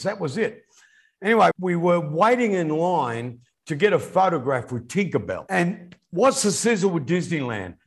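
Lively husky-voiced man. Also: on the high side, normal speed. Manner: animated storyteller. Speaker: podcast co-host. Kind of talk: casual business chat.

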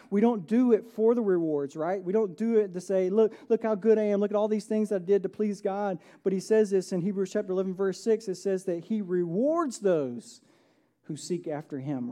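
Pastor preaching in church, warm voice, gets loud then real quiet, keeps saying right?. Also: medium pitch. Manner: earnest, keeps asking "right?"; swings from loud emphatic bursts to soft, hushed phrases. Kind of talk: sermon.

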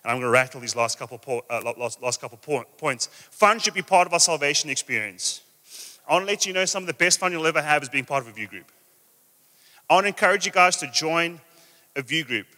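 A man preaching a sermon to a live church audience, emphatic and energetic, easing into soft drawn-out phrases. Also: fairly high pitch. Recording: reverberant hall with soft guitar behind.

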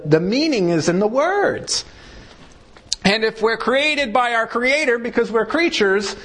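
A man teaching the Bible sermon-style to a room of people, animated, putting on the voices of doubters and asking the room questions. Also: high voice. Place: room with a gathered audience.

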